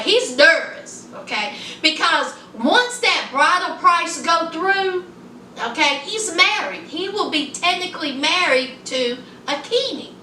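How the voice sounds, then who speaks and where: Sassy, high-voiced woman recapping reality TV. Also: echoey room, far from the mic, a little hiss or hum. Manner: chatty, sassy, animated storytelling. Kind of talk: casual recap commentary.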